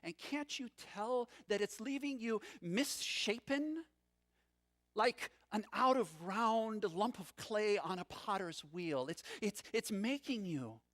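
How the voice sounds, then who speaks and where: A man voicing a calm, grave male teacher who rebukes his followers in a hushed, low tone, slowly, within a sermon. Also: heavily acted.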